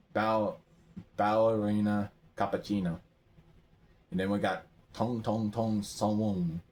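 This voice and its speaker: A man rambling through a game's item shop in casual commentary, excitable, his voice often jumping up high. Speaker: gamer browsing an item shop.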